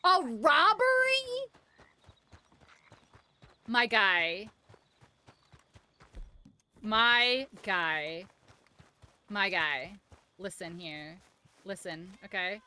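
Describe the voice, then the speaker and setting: A woman's voice: fairly low pitch, extremely slow, pauses often, sharp tone, clear, resonant tone. A young woman streaming a game, joking, swearing and laughing as she plays. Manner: profane, joking, laughs often. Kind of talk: live gameplay commentary.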